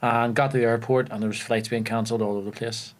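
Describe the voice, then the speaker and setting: A young man with a Belfast accent, an actor telling animated stories on a podcast and laughing often. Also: mid-range voice, fast. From Northern Ireland. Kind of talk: casual storytelling chat. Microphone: podcast studio mic.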